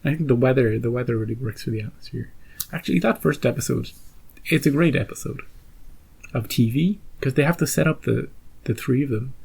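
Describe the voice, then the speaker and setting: A man's voice: mid-range voice, brisk, vocal fry, darkish tone, husky, poor audio. A man hosting a reaction channel, chatting casually to his viewers in a rambling way and often repeating himself. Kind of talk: casual chat to camera.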